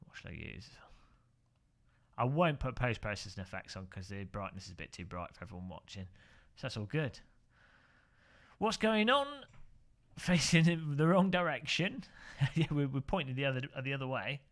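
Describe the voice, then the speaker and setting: A man's voice: mid-range voice, fairly bright tone. A man from England, chatting casually on a sim racing live stream, rambling and joking as he corrects himself.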